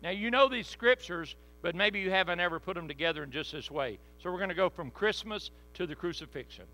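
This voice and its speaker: A man preaching a sermon, his voice bright and forceful, pitched a little above the usual. He reads scripture with dramatic flair and presses his points on the congregation, while a low electrical hum sits under the recording. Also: brisk, low-quality recording. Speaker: pastor.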